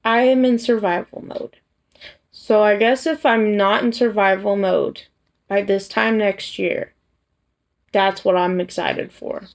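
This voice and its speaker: A woman vlogger chatting casually to camera, soft and hesitant, tired after work. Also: mid-range voice. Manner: soft, hesitant, with many restarts and fillers. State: tired, yawning. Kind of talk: casual personal chat to camera.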